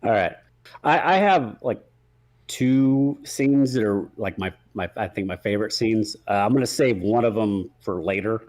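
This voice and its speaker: A man co-hosting a podcast, talking slowly and hesitantly about his favorite movie scenes. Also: fairly low pitch, a little mellow. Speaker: podcast co-host. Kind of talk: casual movie review chat.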